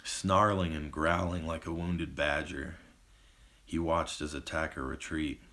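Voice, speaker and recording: Deep-voiced man reading his novel. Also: level tone, bright, forceful tone. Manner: measured storytelling. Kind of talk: audiobook narration.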